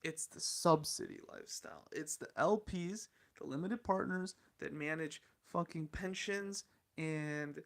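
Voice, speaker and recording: Gravelly, blunt, profane male podcaster. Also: on the high side, measured pace, a bit bright. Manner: blunt, profane, opinionated, rambling with restarts. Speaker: podcast host. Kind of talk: casual solo podcast commentary.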